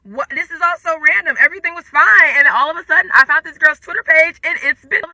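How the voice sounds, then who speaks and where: A young woman telling a personal story in a casual storytime, animated and dramatic, acting out the quotes. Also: very high voice, quick pace, no echo. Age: young adult.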